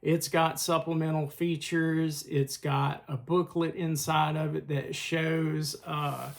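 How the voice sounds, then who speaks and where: A man hosting a casual video review of films, talking in a halting way with many filler pauses and a collector's enthusiasm. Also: fairly high pitch, level tone, vocal fry. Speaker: film channel host.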